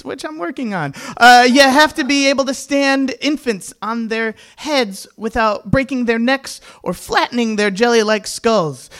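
A young man with a tenor voice performing a stand-up comedy set, telling stories deadpan and laughing at his own jokes. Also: very high voice.

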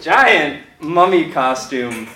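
A man's voice: on the high side, very slow, distant mic. A young man telling a funny story on stage, laughing as he talks. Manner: animated, laughing through his story. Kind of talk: stand-up storytelling. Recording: echoey hall, mic from afar, audience noise.

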